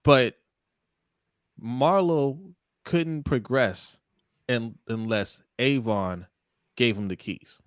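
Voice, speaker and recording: A man's voice: medium pitch, very slow, long pauses, dry recording, clean studio sound. A man on a casual podcast, talking things through and checking for agreement as he goes. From Baltimore. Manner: conversational, seeks agreement with "right?". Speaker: podcast co-host.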